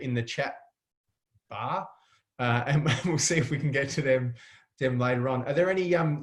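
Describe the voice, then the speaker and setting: A man's voice: medium pitch, reverberant. An Australian man hosting a webinar, encouraging and restating his guests' points. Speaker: webinar host. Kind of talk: casual discussion. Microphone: video call.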